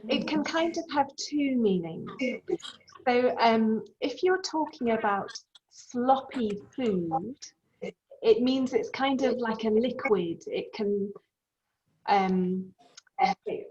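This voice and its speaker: Woman, English teacher, slow careful delivery, patient explanations, dull lo-fi sound. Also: on the high side, expressive, darkish tone, a little hiss or hum. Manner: patient, explains words slowly with examples. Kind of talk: online English lesson.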